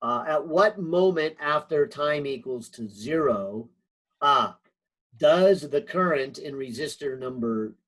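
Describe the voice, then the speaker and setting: A man's voice: on the high side, animated, slow, a bit bright, rough recording. A man teaching a physics help session over a video call, thinking aloud with lots of fillers and a few light jokes. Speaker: physics instructor. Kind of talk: online class help session.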